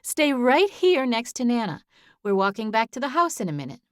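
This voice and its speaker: A woman's voice: a little high, big pitch swings, normal speed, no echo, clean studio sound, voice pushed up. A woman voicing a kind, flustered grandmother who fusses and talks on and on, in an audiobook.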